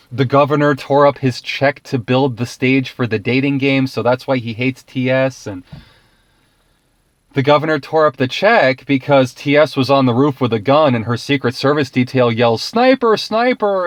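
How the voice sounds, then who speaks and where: A man's voice: mid-range voice, no echo. Man, casual film review rant, exasperated, profane, laughing, dry close sound.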